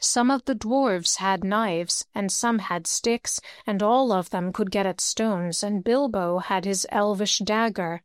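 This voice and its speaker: Woman audiobook narrator, smooth clear voice, close and dry recording. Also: mid-range voice, slow, hardly any pauses, no echo. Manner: steady storytelling, lifts her voice for dialogue. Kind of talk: audiobook reading.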